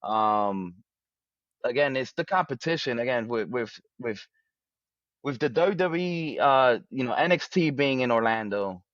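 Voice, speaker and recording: A man's voice: mid-range voice, expressive, fairly bright tone, no room sound. A man sits close to the mic, giving an interview in a casual way. He stumbles and restarts often and leans on fillers. The sound is dry and a little muffled. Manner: halting, many restarts and fillers. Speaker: wrestler, interview guest.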